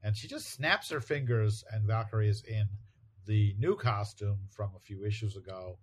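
A man with a fairly low voice retells a comic book story in a relaxed, chatty way. He is a podcast co-host who now and then slips into quick character voices for quoted lines. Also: slightly rough. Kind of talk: casual chat recapping a comic.

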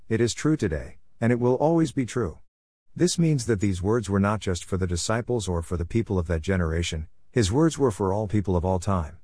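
A man reads a devotional teaching with an earnest, emphatic cadence that builds like a sermon. His voice sits somewhat low. The recording is dry and close, with no room sound. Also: a little mellow, dry recording. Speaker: devotional writer and reader.

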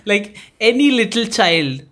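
A man's voice: high-pitched, sing-song, measured pace, pushed and bright. Laid-back man laughing through chat. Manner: laid-back, laughs often, blunt and profane. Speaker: podcast co-host. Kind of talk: casual chat.

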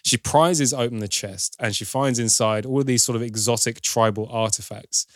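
A man's voice: medium pitch, moderate pace, fairly bright tone, no echo, clean studio sound. Wry man recapping a film. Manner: wry, storytelling, lightly sardonic. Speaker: podcast host recapping a film. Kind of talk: casual film recap chat.

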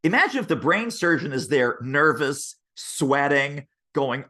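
A man's voice: unhurried, hardly any pauses. A man talking as a sales expert on a podcast interview over a video call, telling stories and acting out the voices of the people in them. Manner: lively, acts out quoted voices with big pitch jumps. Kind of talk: animated interview storytelling.

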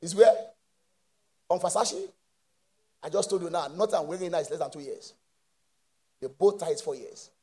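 A man preaching a sermon with impassioned call-and-response and shouted peaks. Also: high voice, normal speed, long pauses, slightly rough.

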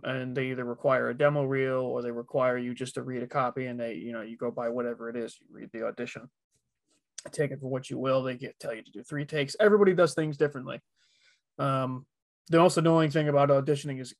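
A man's voice: medium pitch, a little fast, no echo. A man who works as a voice actor talking casually on a podcast, rambling a little with lots of fillers. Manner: relaxed, rambling, many fillers. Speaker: voice actor guest.

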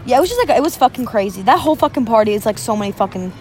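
A young woman rattles through a casual chat at a quick clip, her voice sitting a little high. She rambles, swears freely and fills almost every phrase with "like." A faint hiss sits under her voice. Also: lively intonation, darkish tone. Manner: rambling, heavy use of "like", frequent swearing. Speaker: podcast co-host.

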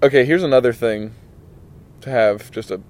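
A young man hosting a casual podcast, speaking in a middle-range voice. His talk is relaxed and loose, with restarts and "man" tossed in at the ends of his sentences. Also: mid-range voice, normal speed. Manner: laid-back, rambling, says "man" a lot. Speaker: podcast host.

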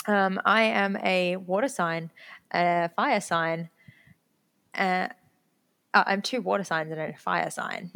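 A young adult woman chatting casually, telling work stories quickly and acting out the quotes with lively energy. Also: fairly low pitch, creaky. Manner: quick, animated storytelling, acts out quotes. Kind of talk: casual chat.

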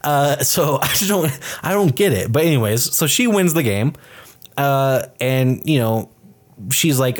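A man in casual podcast chat, retelling a film scene by scene. He talks with animated energy and breaks into raised, mocking voices to act out the characters. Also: mid-range voice, a little slow. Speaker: podcast co-host. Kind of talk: casual movie review chat.

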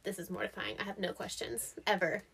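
A woman's voice: medium pitch, a little fast, gravelly, a crowd in the background. A young woman co-hosting a podcast in casual chat, telling stories with lots of laughter and acted-out quotes. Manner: animated storyteller, laughs often, acts out quotes. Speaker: podcast co-host.

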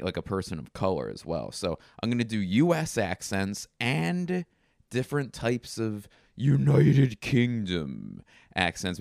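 A man hosting a comedy podcast, rambling through deadpan absurd asides. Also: fairly low pitch, vocal fry, no echo, studio quality. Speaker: podcast host.

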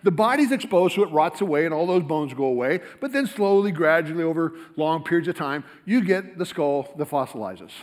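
A man giving a lively, rapid-fire, joking talk to a live audience in a lecture hall. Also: fairly high pitch. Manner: rapid-fire, animated, jokey, talks to the crowd. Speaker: creationist speaker.

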